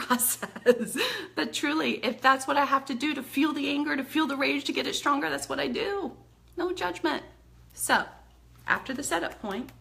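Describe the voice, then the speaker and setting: A woman teaching an emotional tapping technique in a chatty, expressive way, laughing often and acting out venting as examples. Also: fairly high pitch. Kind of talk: instructional talk demonstrating tapping.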